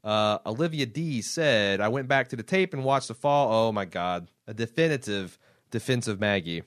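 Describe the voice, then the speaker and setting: A man co-hosting a podcast in casual chat, animated and swearing freely, reading listener emails aloud. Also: on the low side, normal speed. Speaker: podcast co-host.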